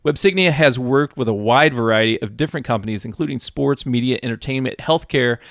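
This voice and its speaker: A man's voice: medium pitch, brisk, vocal fry, no room sound, studio quality. A man hosting a tech podcast, chatty and upbeat, laughing often as he talks with his guest. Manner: chatty, laughs often, shifts into a soft radio voice. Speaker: podcast host. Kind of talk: casual podcast chat.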